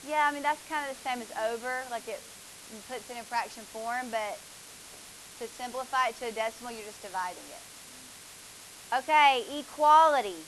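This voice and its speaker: A woman's voice: on the high side, a little fast, a bit bright, a little hiss or hum, rough recording. A woman, teaching a math class, asking students questions and praising their answers.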